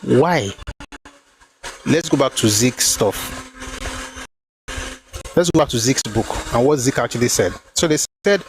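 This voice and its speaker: A man's voice: medium pitch, lively intonation, a little slow, pauses often, a little hiss or hum, low-quality recording. A man hosting a talk show, reading from a book and explaining each point with emphatic repetition. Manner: emphatic, repeats phrases to drive points home. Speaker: host.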